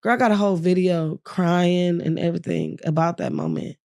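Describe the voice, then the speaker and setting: A young woman with a slightly low voice tells a personal story as a podcast guest. She is frank and animated, and she slips into the voices of the people she quotes. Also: brisk, creaky. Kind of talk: casual storytelling.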